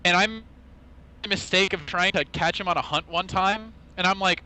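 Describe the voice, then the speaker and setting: A man's voice: high voice, moderate pace, pushed and bright, rough recording. A young man co-hosting a casual gaming podcast, talking enthusiastically and rambling with lots of "like.". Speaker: podcast co-host. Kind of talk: casual chat.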